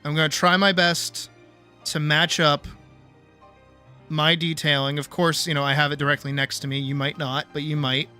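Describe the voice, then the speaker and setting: Bright, high-voiced streamer lecturing bluntly. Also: male voice, flat delivery, moderate pace, soft background music. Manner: blunt, teasing, profane, lecturing with playful bravado. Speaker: art streamer teaching viewers. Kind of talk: casual live-stream art lesson.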